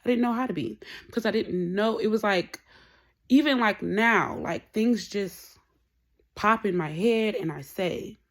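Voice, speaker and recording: A young woman talking candidly in a rambling personal vlog, often dropping to a soft whisper. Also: medium pitch, unhurried. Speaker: vlogger.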